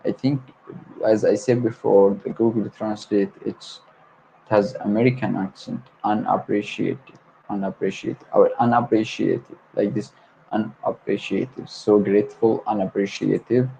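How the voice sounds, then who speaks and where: Low-voiced guy, arabic native, livestreaming english word practice, keeps repeating words, faint hiss in the background. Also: steady tone, normal speed, vocal fry, dark tone, low-quality recording. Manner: repeats words over and over, stumbles and corrects himself. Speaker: language learner hosting a livestream. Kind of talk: solo livestream vocabulary practice.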